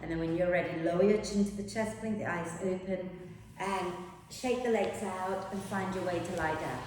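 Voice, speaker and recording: A woman yoga teacher giving slow, gentle breathing and relaxation instructions. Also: fairly low pitch, far from the mic. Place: yoga studio. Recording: very echoey room with long reverb, faint noise.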